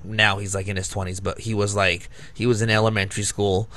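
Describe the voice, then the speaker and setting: A man's voice: lowish voice, level tone, fairly quick, bright, forceful tone. Man telling rambling profane stories. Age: 30s. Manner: rambling, profane, laughs at his own stories. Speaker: podcast co-host. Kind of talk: casual storytelling.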